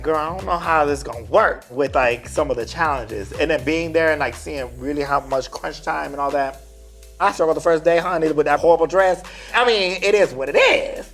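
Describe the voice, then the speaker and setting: A sassy drag performer talking through his story with an animated, slangy bounce. His speaking voice sits a little high for a man. Soft music plays quietly underneath. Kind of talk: casual interview chat.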